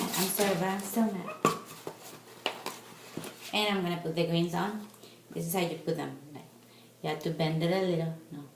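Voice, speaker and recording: Low-ish gravelly woman vlogging at home, chatty n a bit fed up, echoey room w some noise. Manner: chatty, exasperated and ranting. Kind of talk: casual product vlog.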